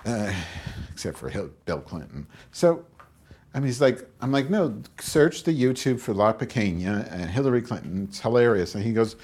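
A man's voice: fairly low pitch, lively intonation, moderate pace, few pauses, darkish tone. A man hosting his own show, rambling through crude comic stories and acting out both sides of conversations. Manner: crude, rambling, acts out quotes in raised voice. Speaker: podcast host.

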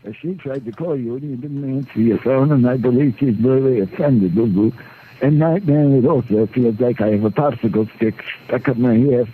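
A man's voice: medium pitch, moderate pace, slightly rough, voice pushed up, close to an everyday voice. A man putting on Missus Banningheimer, a crude rambling woman caller, heard played back over a phone line. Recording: tinny phone-line playback.

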